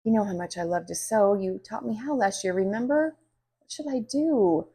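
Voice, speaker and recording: A woman's voice: medium pitch, normal speed, warm tone, breathy edge. Woman doing a worried friendly schoolgirl. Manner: eager, worried.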